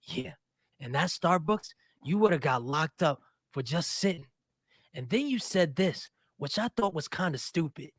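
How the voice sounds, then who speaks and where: A man's voice: a little high, expressive, measured pace, no room sound, studio quality. A man co-hosting a commentary show, giving blunt, opinionated takes. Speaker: co-host. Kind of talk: casual commentary.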